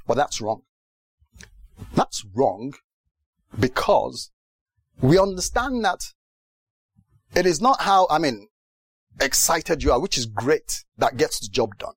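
A man from Britain preaching a sermon in a lively way, often asking the audience if they understand. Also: mid-range voice, a little slow, pauses often, slightly rough, no room sound. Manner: lively, mimics other preachers, asks the audience questions.

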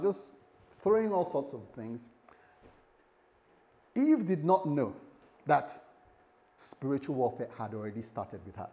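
A man's voice: a little high, warm tone. A man preaching a sermon, telling a scripture story with asides and jokes to the congregation. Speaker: pastor.

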